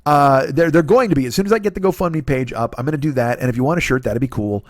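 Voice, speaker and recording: A man in his forties hosting a solo comedy podcast, talking in a profane, rambling, self-deprecating monologue and acting out quoted voices with sudden pitch jumps. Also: fast talker, no room sound, clean studio sound. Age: 40s. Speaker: podcast host.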